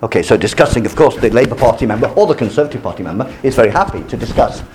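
A man giving a university lecture on politics, animated and full of restarts, slipping into short French asides. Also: medium pitch, very fast, a little hiss or hum. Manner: animated, acts out quoted voices, many restarts.

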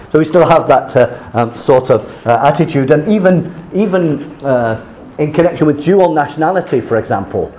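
A man's voice: on the high side, expressive, normal speed, dark tone, slight background noise. A middle-aged man from Britain giving a classroom lecture in a wry, digressive way, often stopping and restarting his sentences.

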